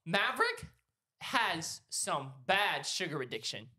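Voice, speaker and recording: A woman's voice: fairly low pitch, big pitch swings, slow, pushed and bright. A woman co-hosting a podcast in casual chat, teasing and laughing through her stories. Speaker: podcast co-host.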